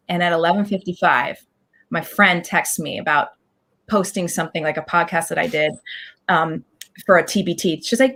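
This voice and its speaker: A woman guest on an interview show, telling a story excitedly in a rambling way with many restarts. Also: fairly low pitch, normal speed. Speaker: guest actor. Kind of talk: casual interview chat.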